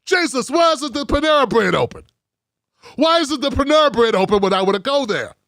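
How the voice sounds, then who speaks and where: A petulant, grumbling TV viewer, put on by a man who whines in a high, exasperated voice. The sound is dry and close, with sarcasm in every complaint. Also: lively intonation, brisk, a bit bright, no room sound, exaggerated voice. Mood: whining. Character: whiny petulant bigoted male TV viewer.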